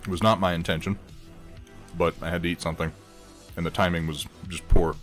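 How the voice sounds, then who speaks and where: A man's voice: deep voice, steady tone, fairly quick, long pauses, fairly bright tone, soft background music. Wry, rambling man on a livestream. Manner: rambling, wry, eats while talking. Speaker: livestream host painting miniatures. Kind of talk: casual livestream chat with viewers.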